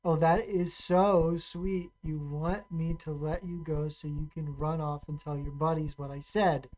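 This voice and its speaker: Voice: mid-range voice, fairly even intonation, unhurried, a little mellow, slight background noise, natural voice, rough recording. A streamer reading out the lines of a mocking old man in a text adventure, with little change from the streamer's own voice. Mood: taunting.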